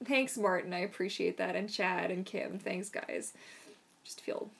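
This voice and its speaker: A woman's voice: fairly low pitch, fairly even intonation, unhurried, creaky, slightly rough. A woman casually answering viewer questions on a live stream, chatty and rambling, unwell with throat trouble. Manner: chatty, rambling, soothing her dog in whispers.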